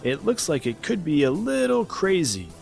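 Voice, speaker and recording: A man voicing a worried young girl explorer, gentle and concerned. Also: on the high side, big pitch swings, normal speed, gravelly, soft background music, pitched above the performer's own voice, exaggerated voice.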